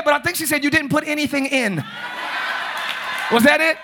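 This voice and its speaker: A man preaching a live sermon as pastor, talking to the congregation in a loose, joking way and breaking into loud shouts. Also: extremely high pitch, normal speed, a crowd in the background, noisy background. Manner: conversational, jokey, bursts into shouts. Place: church sanctuary.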